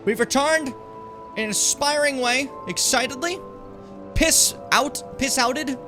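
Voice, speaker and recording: A young man streaming a video game, joking and swearing, with sudden shouted outbursts. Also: very high-pitched, a little slow, over music. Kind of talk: casual live-stream commentary.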